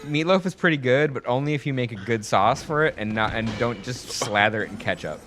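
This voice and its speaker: A man's voice: medium pitch, expressive, a little fast, a bit bright. Laid-back man with noisy chat audio. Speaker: let's play guest. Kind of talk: casual group commentary over gameplay.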